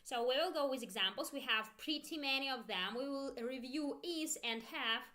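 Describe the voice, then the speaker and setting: A woman's voice: high-pitched, normal speed, pushed and bright. A woman whose first language is Russian teaches an online English grammar lesson, repeating phrases for learners to echo.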